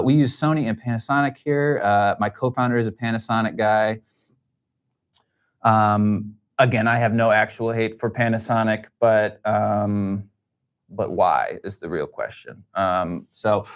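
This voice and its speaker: Chatty man hosting a livestream. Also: lowish voice. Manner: chatty, rambling, many fillers. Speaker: podcast studio owner hosting a livestream. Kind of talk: casual livestream Q&A.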